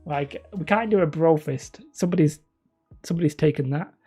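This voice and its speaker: On his hobby channel's live stream, a man from northern England talks casually with viewers, rambling, mumbling, sounding slightly whiny, and mocking himself. His voice is fairly high, brisk, and warm with a breathy edge, and faint music plays behind him.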